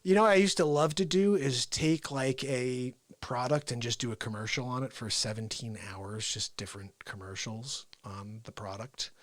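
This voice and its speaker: A man's voice: mid-range voice, moderate pace, hardly any pauses, no room sound. A man hosting a live variety stream, chatting with viewers between celebrity impressions. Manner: animated, jumps between impressions and banter with viewers.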